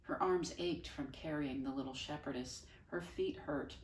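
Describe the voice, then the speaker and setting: A woman teacher reading a children's novel aloud, expressive with wry, dry asides. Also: low voice, moderate pace, a little hiss or hum. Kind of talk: storybook read-aloud. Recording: echoey room, voice from far off.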